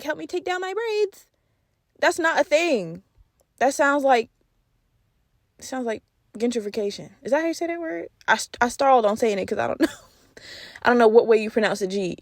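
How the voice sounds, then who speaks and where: A young woman hosting her own podcast, telling stories in a blunt, profane, animated way full of slang. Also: high voice, dry recording, studio quality. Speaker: podcast host. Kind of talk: casual solo podcast storytelling.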